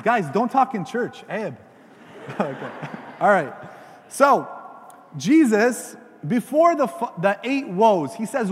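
Animated male preacher with a high voice. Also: slow, pauses often, big-room sound. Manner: animated, questions the congregation directly. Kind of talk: homily for children and parents. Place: church.

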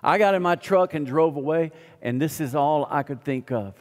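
A man's voice: on the high side, normal speed, a little mellow, in a large hall. A man preaching a sermon, telling a story and acting out both sides of the conversation. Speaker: pastor.

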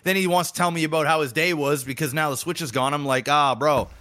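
A man in his thirties co-hosting a casual podcast, who tells stories with a lot of energy, swears, and jumps to a high voice when he quotes people. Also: fast talker. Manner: animated storyteller, acts out quotes in a high voice, swears. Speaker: podcast co-host. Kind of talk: casual chat.

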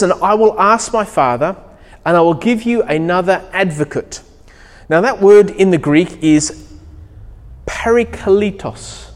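A middle-aged Australian man preaching a sermon, telling stories with animated acted-out dialogue. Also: fairly high pitch. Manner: animated storytelling, acts out dialogue. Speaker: pastor. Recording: long hall reverb.

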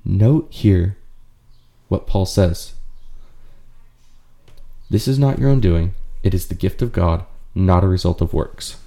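A man's voice: deep voice, steady tone, takes it slowly, long pauses, mellow. A man hosting a podcast, teaching a Bible study in an earnest, explanatory way and repeating his points for emphasis. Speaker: host.

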